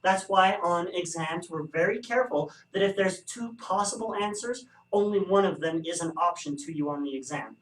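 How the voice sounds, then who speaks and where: A man's voice: high voice, moderate pace, few pauses, fairly bright tone. Wry male statistics lecturer, echoey room. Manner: wry, joking asides. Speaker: statistics instructor. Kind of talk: recorded classroom lecture. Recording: echoey room, distant mic.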